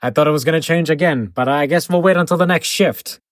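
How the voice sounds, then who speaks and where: A man's voice: fairly high pitch, fast, dry recording, studio quality. A man hosting an improvised comedy podcast, with a mock-serious announcer delivery. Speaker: podcast host.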